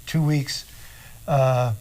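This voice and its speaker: An older man, a singer and guest, telling animated stories with lots of laughter. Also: mid-range voice, drawn-out words, rough recording. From Philadelphia, USA. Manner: animated anecdotes, acts out quoted voices, laughs often. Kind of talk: casual storytelling.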